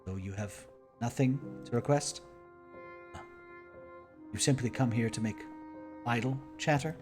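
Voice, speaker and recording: A stiff, formal ship's officer, voiced by a man, prim and quick to lose patience. He talks in clipped, proper phrases. The man puts it on while playing a game. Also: mid-range voice, music in the background, natural voice. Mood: prim impatient. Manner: prim and impatient.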